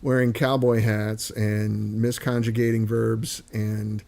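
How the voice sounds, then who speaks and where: A man's voice: on the low side, level tone, slow, gravelly, darkish tone. A man, chatting casually and joking with some swearing. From United States. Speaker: host. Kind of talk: casual chat.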